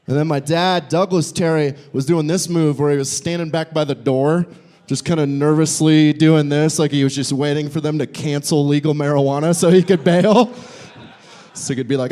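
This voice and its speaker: A man's voice: a little high, moderate pace, a little mellow. A young man from the Midwest doing a stand-up set live in a brewery, rambling and swearing, often laughing at his own jokes. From Nebraska. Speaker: stand-up comedian.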